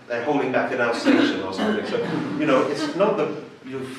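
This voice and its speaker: A man with an English accent, a church member, gives a personal testimony in a medium-pitched, expressive, brisk voice. He tells the story self-deprecatingly and acts out the voices of the people in it. The recording is of an echoey room heard from a distance, with background noise.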